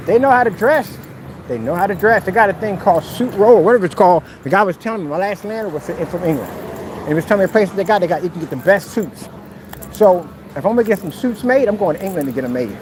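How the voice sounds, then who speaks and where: A man talking casually while walking outdoors, mocking and teasing in a playful way. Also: on the high side. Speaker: vlogger. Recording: outdoor traffic noise.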